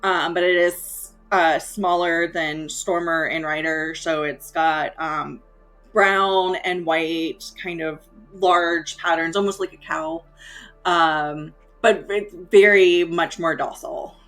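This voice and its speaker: Lady gm narrating a tabletop game, lots of ums, soft music behind. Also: fairly low pitch, slow pace, rough recording. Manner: relaxed, filler-heavy narration. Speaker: game master.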